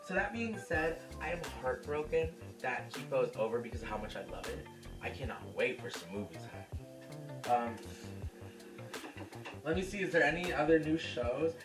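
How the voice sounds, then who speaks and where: Loud, profane home cooking host. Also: mid-range voice, very animated, moderate pace. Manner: loud projected voice, profane, chatty. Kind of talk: casual cooking show chat. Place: home kitchen. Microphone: camera's built-in mic. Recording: echoey room, distant camera mic, music.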